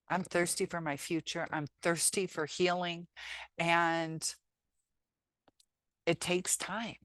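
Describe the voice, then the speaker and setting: Encouraging woman vlogger, lowish voice, dry close sound, reflective and earnest. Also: no room sound. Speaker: teacher and healing vlogger. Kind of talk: casual motivational vlog talk.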